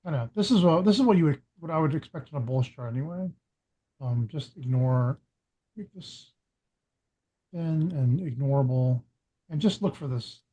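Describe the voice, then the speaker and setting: A man with a somewhat high but mellow, dark-toned voice talks through a chart on a video call. He thinks aloud, reading off one number after another between frequent ums and uhs. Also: lively intonation, normal speed, pauses often, poor audio. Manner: thinks aloud, reads off numbers, many fillers. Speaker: chart analyst host. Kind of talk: casual chart walkthrough.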